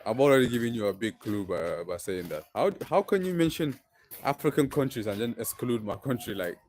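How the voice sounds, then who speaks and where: A man's voice: medium pitch, expressive, a little fast, darkish tone, poor audio. A young man in his twenties from Nigeria with a mixed Nigerian and British accent, chatting casually on a live stream and dropping "like" and "bro" often. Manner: laid-back, fills with "like" and "bro".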